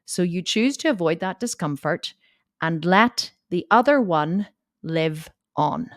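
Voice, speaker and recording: A woman fitness coach telling a personal story to camera in a candid, animated way, swearing freely. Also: fairly low pitch, a little slow, no room sound, studio quality.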